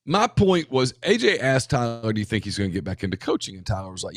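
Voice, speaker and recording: A man co-hosting a casual sports talk show, talking in an emphatic way with quick asides and restarts. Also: on the low side, no room sound, studio quality. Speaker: podcast co-host.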